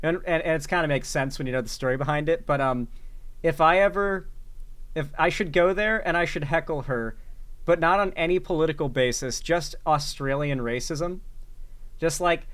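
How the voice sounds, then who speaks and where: A man's voice: fairly high pitch, normal speed, a bit bright. A man hosting a reaction commentary show, talking casually and sarcastically with lots of fillers and restarts. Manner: sarcastic, rambling, with filler words. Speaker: commentary host.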